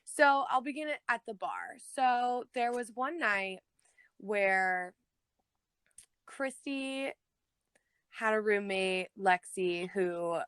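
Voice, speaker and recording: A young woman co-hosting a podcast, telling a story in casual chat, animated and swearing, acting out the voices she quotes. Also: medium pitch, takes it slowly, long pauses, clear, resonant tone, no echo. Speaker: podcast co-host.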